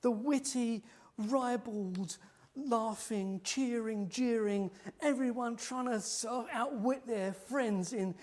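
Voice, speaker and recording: A man preaching a sermon in a church, animated and lively, acting out the mockers' voices. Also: very high voice.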